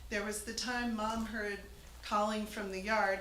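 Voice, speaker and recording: Woman spinning a family tale to a crowd, bright voice, echoey hall, a bit of hiss. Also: mid-range voice, flat delivery, unhurried. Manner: amused, chatty, laughs between lines. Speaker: storyteller at a church event. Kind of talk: personal storytelling to a live audience. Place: church hall. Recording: echoey hall with faint noise.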